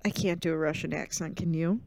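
A woman co-hosting a podcast over a remote call, quick to react with sarcastic, playful teasing. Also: sits low, fairly even intonation, a little mellow, no room sound. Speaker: podcast co-host. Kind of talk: casual chat. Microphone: remote call mic.

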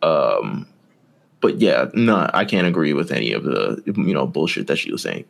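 A man's voice: a bass voice, moderate pace, gravelly. A man co-hosting a wrestling podcast, giving emphatic opinions in casual chat and repeating himself for effect. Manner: emphatic, repetitive, animated opinions. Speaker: podcast co-host.

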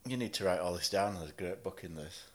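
Low-voiced man, dry. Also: quick pace, crowd noise. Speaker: guest musician. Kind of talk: casual chat.

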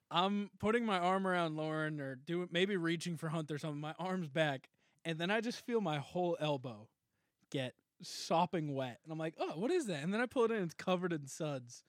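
A young man tells a long, rambling story to his friends on a podcast, laughing as he goes and swearing freely. His voice sits a little high. The sound is dry and close. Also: fairly bright tone, no room sound. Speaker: podcast co-host. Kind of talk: casual storytelling chat.

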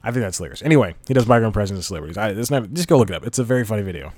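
Rambling man with a low voice. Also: expressive, rapid-fire, a little mellow, no echo. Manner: rambling, laughing at his own jokes. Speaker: podcast host. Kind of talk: casual solo podcast chat.

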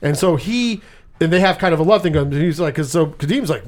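A man hosting a casual movie review chat, talking in an animated, profane way and acting out scenes in quick put-on voices. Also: fairly high pitch. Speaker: podcast host.

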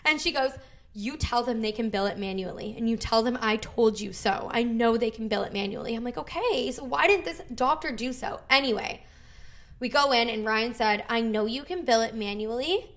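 A woman's voice: fairly high pitch, normal speed, a bit bright. A woman in her thirties, co-hosting a podcast, telling a story in casual chat, acting out the people she quotes and swearing freely. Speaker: podcast co-host.

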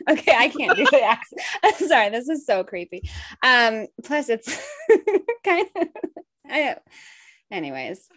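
Young woman reading listener stories on a podcast, with a higher voice that swings widely in pitch and often breaks into giggles. The recording is dry and close, with no room sound. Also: a little slow, pauses often, no room sound. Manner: giggly, animated, laughs often while reading. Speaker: podcast co-host.

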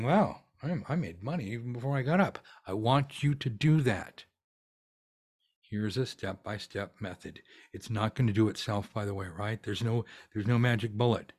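Blunt, profane man coaching tarot readers. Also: lowish voice. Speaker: tarot teacher. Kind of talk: ranty casual coaching monologue.

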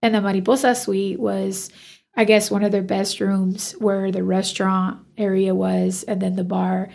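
A woman's voice: medium pitch, moderate pace, gravelly. A woman, a hairstylist, telling a story in a casual interview and acting out the dialogue. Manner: animated, acts out quoted dialogue. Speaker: hairstylist guest.

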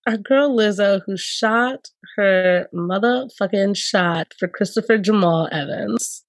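A woman co-hosting a casual chat, animated and gushing, often breaking into laughter. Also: mid-range voice, slow pace, no room sound, studio quality.

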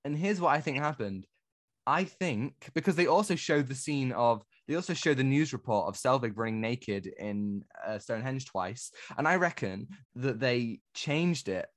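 A man's voice: medium pitch, moderate pace, no echo, clean studio sound. A man co-hosting a film podcast, chatting casually and opinionated, with frequent restarts. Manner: animated, opinionated, rambling restarts. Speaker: podcast co-host. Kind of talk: casual film review chat.

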